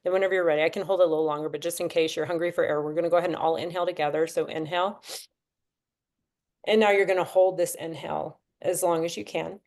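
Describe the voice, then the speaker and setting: A woman's voice: on the low side, steady tone, fast, a little mellow. A woman leading a breathing class over a video call, chatty and encouraging as she counts the class through each step. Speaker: breathwork instructor.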